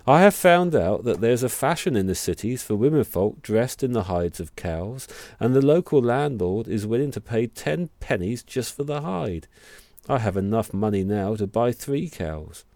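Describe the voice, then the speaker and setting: A man's voice: medium pitch, lively intonation, moderate pace, darkish tone, no room sound, close to an everyday voice. A man voicing a sly, cheerful farmer who tricks his neighbours with boastful, persuasive tall tales.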